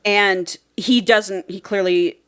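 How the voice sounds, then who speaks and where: A woman's voice: mid-range voice, steady tone, slow, fairly bright tone, clear, resonant tone. A woman co-hosting a podcast, casually retelling a book plot with frank, profane humor. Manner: retells a plot in a chatty way, quoting characters. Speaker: podcast co-host recapping a book. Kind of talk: casual chat.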